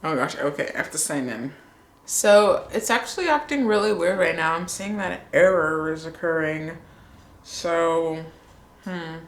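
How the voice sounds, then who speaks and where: Excitable woman vlogger with a low, slightly gravelly voice, recorded in an echoey room. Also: moderate pace. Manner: excitable, gushing. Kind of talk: casual vlog, reading results aloud.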